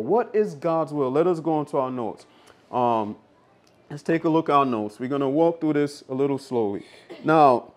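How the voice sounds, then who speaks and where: A man's voice: on the high side, darkish tone. A man preaching a sermon, insistent and repeating his points for emphasis.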